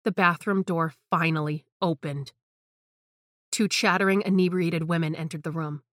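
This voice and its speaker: A woman reading a scripted horror story in a hushed, tense way. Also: on the low side, fairly even intonation, normal speed, dry recording, clean studio sound. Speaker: narrator.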